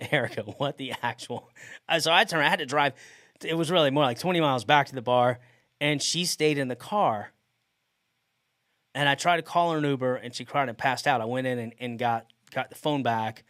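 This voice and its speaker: A middle-aged man spins a story for his podcast in a relaxed, chatty way, and he keeps breaking into laughter as he talks. His voice sits at an ordinary, mid-range pitch. The recording is close and dry, with no room sound. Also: moderate pace, dry recording. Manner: animated, laughs often mid-sentence. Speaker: podcast host. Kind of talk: casual storytelling.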